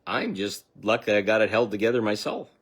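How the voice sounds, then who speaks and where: A man with a fairly low voice gives unscripted spiritual coaching on a livestream. He speaks earnestly and wanders into asides. When he quotes someone else's voice, he jumps up high in pitch. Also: fairly quick, breathy edge. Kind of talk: livestream talk.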